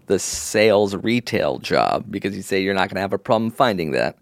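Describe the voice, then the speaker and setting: A man co-hosting an advice podcast, talking in a relaxed, rambling way with lots of "like". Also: deep voice, no echo, clean studio sound. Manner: relaxed, rambling, heavy use of "like". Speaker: podcast co-host giving advice. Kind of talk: casual advice chat.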